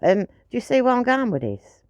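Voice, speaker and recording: A woman's voice: a little high, big pitch swings, brisk, a little mellow, no echo. A woman ranting to camera in a blunt, frustrated way, swearing freely. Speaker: pet owner vlogger.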